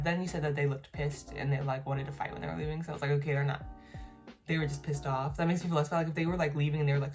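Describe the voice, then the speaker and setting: Her voice is low with a darkish tone as she reads posts aloud and reacts to them casually. This YouTuber is blunt and swears plenty, laughing and chiming in between the lines she reads.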